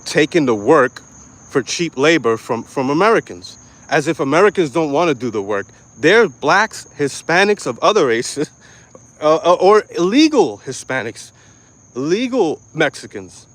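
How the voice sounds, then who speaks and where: A man's voice: on the high side, sing-song, unhurried, fairly bright tone. Blunt, profane New York man ranting. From New York City. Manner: profane, aggressive, blunt street slang. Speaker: online commentator. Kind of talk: ranting commentary.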